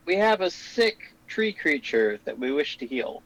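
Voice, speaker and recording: A man's voice: a little high, big pitch swings, measured pace, a crowd in the background, rough recording. A man playing a tabletop game, speaking in polite, in-character requests. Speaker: player. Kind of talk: tabletop role-play.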